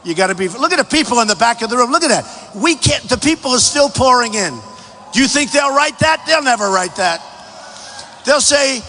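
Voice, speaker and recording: A man delivers a rally speech in a high, bright voice that rings through a huge hangar with a long echo. He is boastful and repeats himself, and he often rises to a shout. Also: expressive, fairly quick, faint music behind. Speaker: presidential candidate. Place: large packed hangar. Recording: echoey hangar hall.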